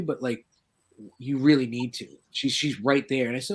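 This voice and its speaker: A middle-aged man from the northeastern United States tells his stories in a relaxed, anecdotal way. His voice sits at a moderate pitch. He becomes lively when he acts out the voices of people he quotes. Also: fast, slightly rough. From southeastern Massachusetts, USA. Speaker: guest paranormal researcher. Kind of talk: casual anecdotal storytelling.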